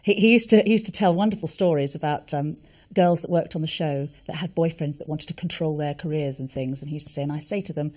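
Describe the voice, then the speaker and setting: A middle-aged woman with a deep, dark, mellow voice reminisces thoughtfully. She pauses often to find her words. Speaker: interviewee. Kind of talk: reminiscing interview.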